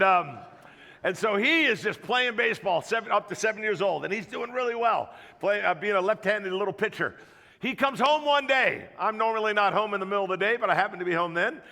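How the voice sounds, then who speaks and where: A man's voice: high voice, animated, moderate pace, vocal fry, pushed and bright. A middle-aged male pastor telling a jokey story in a sermon, acting out the voices as he goes. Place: church auditorium. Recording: long reverb of a church hall.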